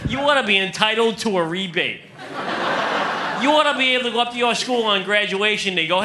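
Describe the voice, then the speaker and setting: A man's voice: sits high, expressive, fairly quick, very noisy. A man in his thirties doing a stand-up comedy set on a club stage, delivering punchy jokes and calling the crowd "folks.".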